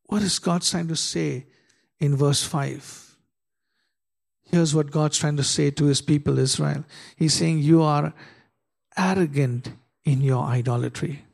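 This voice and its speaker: A man preaching a sermon with an emphatic, rising delivery. He fires rhetorical questions at his listeners and slows right down to read scripture with weight. His voice sits a little higher than most men's. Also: fairly even intonation, creaky, darkish tone. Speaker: pastor.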